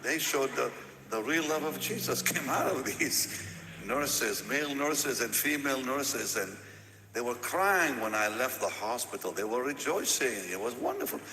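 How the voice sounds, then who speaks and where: Lively, animated preacher man in echoey hall. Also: mid-range voice, measured pace, background noise. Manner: animated storytelling, repeats words, laughs. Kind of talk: sermon storytelling. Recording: echoey hall with long reverb.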